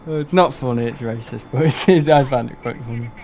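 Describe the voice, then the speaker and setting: A man's voice: medium pitch, fairly quick, darkish tone, slight background noise. A young man, chatting casually and rambling through a live gaming stream, laughing often and poking fun at himself.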